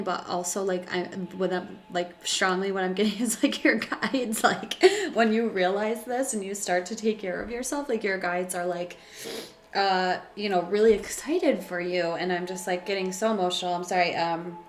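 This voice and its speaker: A woman's voice: medium pitch, a little hiss or hum. Chatty woman reading tarot in echoey room. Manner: chatty, filler-heavy, emotional and laughing. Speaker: tarot reader. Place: room at home by a window.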